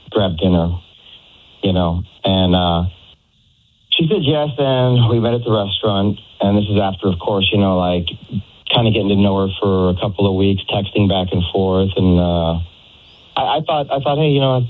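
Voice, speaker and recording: A man on a phone call telling a radio host his side of a date, hesitant, with many fillers. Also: fairly low pitch. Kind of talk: telling a story over the phone. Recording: phone line.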